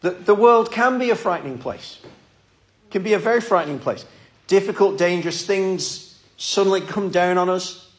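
Man, preacher, sermon, earnest, pleading, repeats words, slightly high voice. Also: moderate pace. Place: church.

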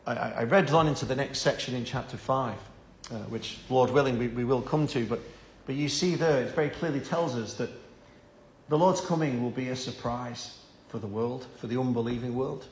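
A man's voice: medium pitch, moderate pace. A man delivers an earnest evening sermon to his congregation, often repeating a word as he presses a point. His voice sits in the middle range for a man. It rings through an echoey church room over a faint background hum. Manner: earnest, repeats words when stressing a point. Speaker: preacher. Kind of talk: evening Bible-study sermon.

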